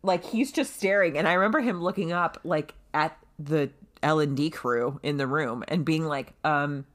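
A woman telling a story in casual chat, animated and swearing freely, loudly acting out what people said. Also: low-pitched, normal speed. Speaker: guest telling her birth story.

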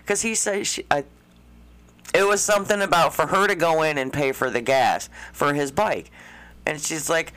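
A woman co-hosting a podcast in casual chat, telling stories in an animated, profane way with frequent laughter. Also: low voice, moderate pace. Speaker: podcast co-host.

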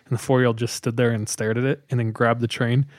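A man's voice: medium pitch, little pitch movement, no echo, studio quality. A young man co-hosting a podcast, joking around in casual chat and laughing often. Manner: joking, quick to laugh, says "dude". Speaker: podcast co-host.

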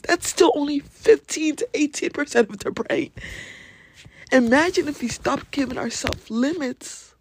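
A man's voice: very high-pitched, no echo. Blunt African-accented young man. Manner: blunt, emphatic, swears for emphasis. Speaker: podcast host. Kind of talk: motivational podcast monologue.

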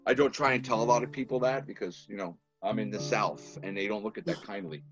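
A man from Massachusetts with a Boston accent, a filmmaker telling rambling, animated stories with many restarts in a casual interview. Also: lowish voice, fast talker, muffled recording, soft background music. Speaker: filmmaker guest.

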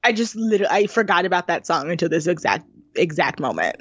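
A woman co-hosting a podcast in casual chat, telling stories in an animated, giggly way. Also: on the low side, fast talker, husky, dry recording. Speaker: podcast co-host. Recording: slightly dull, lo-fi sound.

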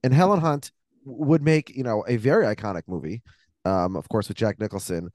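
A man's voice: lowish voice, fairly quick, darkish tone, dry recording. Rambling man hosting a chat. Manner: rambling, thinking aloud. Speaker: podcast host. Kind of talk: casual chat.

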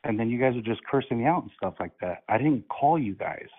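A man making a prank call, calmly feigning innocence and mocking the other side. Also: medium pitch, fairly quick, breathy edge. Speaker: prank caller. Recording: tinny phone line.

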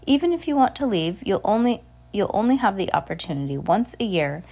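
A woman reading aloud and voicing a genial older male island leader who speaks cordially with gentle authority. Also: medium pitch, very animated, a little fast. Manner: cordial, smooth, gently commanding.

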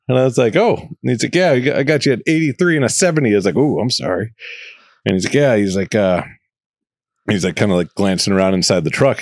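Animated swearing storyteller man. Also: mid-range voice, no room sound. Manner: animated, swears freely, acts out voices in his story. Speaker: podcast co-host. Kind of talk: casual storytelling.

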